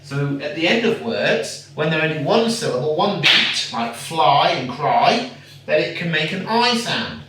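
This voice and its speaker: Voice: mid-range voice, very animated, recorded from a distance. Encouraging teacher in an echoey room. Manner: patient, encouraging, sounds out words slowly. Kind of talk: phonics lesson for a young child. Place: home room. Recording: echoey room, away from the mic, faint noise.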